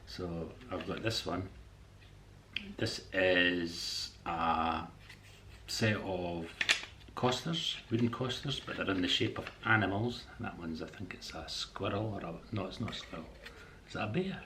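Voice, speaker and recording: A man with a very low, deep voice talks through a casual home vlog. He rambles in a friendly way with hesitations and chuckles, while a faint room ambience sits behind him. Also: a little slow, noisy background. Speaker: artist and eBay seller showing a shopping haul. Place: indoors at home.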